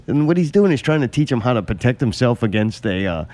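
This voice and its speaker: Man, loose profane podcast storyteller, easy laughs, average pitch. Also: fairly quick, hardly any pauses, warm tone. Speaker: podcast host. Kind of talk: casual chat.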